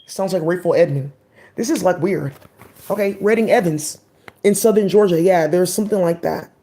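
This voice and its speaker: A woman's voice: on the low side, fairly quick, dark tone. A woman vlogger reading old court cases aloud and breaking off into loose, slangy asides. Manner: reads a passage, then reacts in loose slangy asides. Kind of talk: reading aloud with casual commentary.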